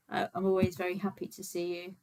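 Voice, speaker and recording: This young Birmingham woman has a fairly low-pitched, darkish voice. A vegan activist hosting a casual livestream, she chats away to her viewers as she gets set up, her talk loose, informal, and packed with filler words.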